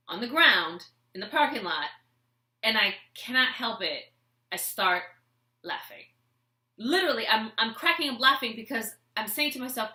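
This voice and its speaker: A woman vlogger telling a comic personal story with a life lesson, animated and expressive as she acts out scenes. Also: fairly high pitch. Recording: echoey room.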